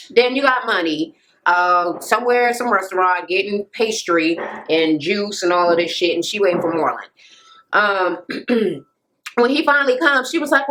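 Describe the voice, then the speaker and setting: A woman with a mid-range, slightly bright voice casually retells a reality TV episode, swearing bluntly and acting out the people she quotes. She records on a camera mic at home near a police station, a helicopter audible, and the quality is low.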